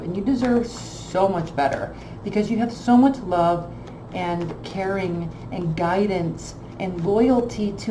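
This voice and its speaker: A woman's voice: mid-range voice, dark tone, reverberant, slight background noise, rough recording. A woman reading tarot cards in a blunt, emphatic way, repeating phrases for stress. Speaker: tarot reader.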